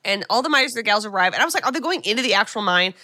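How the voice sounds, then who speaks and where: Bright-voiced woman recapping a film. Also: mid-range voice, racing, dry recording, studio quality. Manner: animated storytelling, acting out characters' lines with sarcastic asides. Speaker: podcast co-host. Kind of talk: casual film recap chat.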